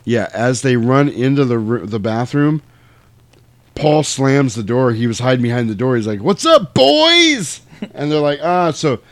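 A mid-pitched man recaps a film in easygoing talk, jumping into lively impressions of the characters as he goes. His speech is loose and peppered with swearing. The sound is close and dry, with no room around it. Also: moderate pace, no echo. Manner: animated storytelling, acts out quotes, swears freely. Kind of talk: casual movie recap chat.

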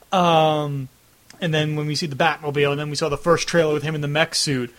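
Young male host, light higher voice, rambling, filler-heavy, acts out reactions, video call. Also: steady tone, moderate pace. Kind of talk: casual video-call chat.

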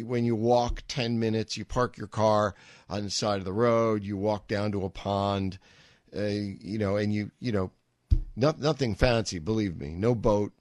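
A man's voice: fairly low pitch, darkish tone, dry recording. A middle-aged man hosting a talk radio show, telling a rambling story with wry asides into a studio microphone.

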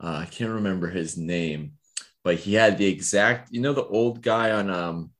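A man with a fairly low voice chatting casually about his clinic days. He rambles, circling back through fillers and restarts as he tells a story. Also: normal speed. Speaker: physical therapist, podcast co-host.

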